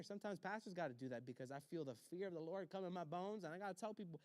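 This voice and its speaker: A pastor leads a church leadership class, a man with a fairly high voice who drives his points home with short, punchy commands. He slips into quick back-and-forth lines to act out conversations. The sound is dry and close. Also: a little mellow, no echo.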